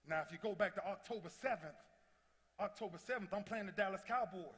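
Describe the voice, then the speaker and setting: A man in his thirties giving an impassioned motivational speech, telling stories that swing from loud to hushed. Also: sits high, quick pace, noisy background. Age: 30s. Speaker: motivational speaker. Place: large convention hall before a big audience. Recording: long reverb of a large hall.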